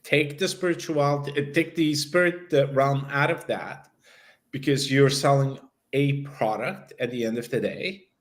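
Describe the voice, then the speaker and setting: A man's voice: mid-range voice, moderate pace. A man who hosts an online talk show as a psychic medium, laughing often and explaining ideas step by step in casual chat.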